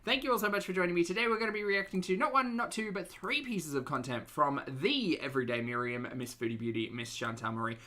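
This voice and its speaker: An Australian man hosting a livestream, talking loudly in a chatty, self-mocking way as he greets viewers and comments on videos. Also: a little high, quick pace, few pauses. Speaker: reaction livestream host.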